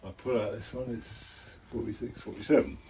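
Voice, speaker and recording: A man's voice: mid-range voice, fairly even intonation, brisk, dark tone, faint music behind. A cartoonist chatting in his studio about his sketches, rambling and mumbling asides, with swearing and chuckles.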